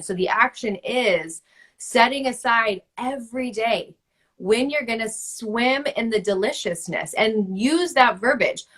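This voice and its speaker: A woman's voice: on the high side, fairly bright tone. A woman in her thirties coaching a guest over a video call, passionate and emphatic, with lots of "like". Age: 30s. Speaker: host, book-writing coach. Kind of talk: spiritual coaching conversation.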